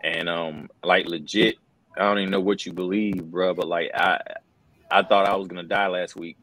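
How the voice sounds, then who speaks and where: A middle-aged wrestling commentator with a low-pitched, slightly bright voice tells a story at a moderate pace with fairly even intonation. It's a casual interview, and he's earnest and loose, often saying "bro" and "man." The audio is poor.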